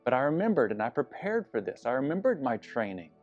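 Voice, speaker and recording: A male pastor tells a personal story in an earnest, confessional tone and pokes gentle fun at himself. His voice sits at an ordinary middle pitch. The recording sounds slightly dull, and soft music plays underneath. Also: sing-song, fast. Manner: earnest, confessional, self-deprecating humor. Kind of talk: sermon-style personal storytelling.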